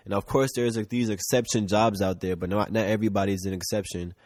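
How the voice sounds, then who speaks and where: A man's voice: lowish voice, fairly even intonation, fast talker, a little mellow, dry recording, clean studio sound. A man co-hosting a podcast in loose casual chat, rambling with lots of "like" and the odd swear word. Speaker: podcast co-host. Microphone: shared mic.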